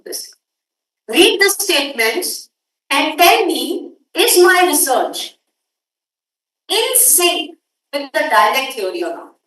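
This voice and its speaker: A woman teaching a workshop, lecturing students and briskly telling them to hurry up. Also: high voice, fairly bright tone. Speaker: workshop instructor. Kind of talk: classroom lecture. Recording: echoey room audio from far off.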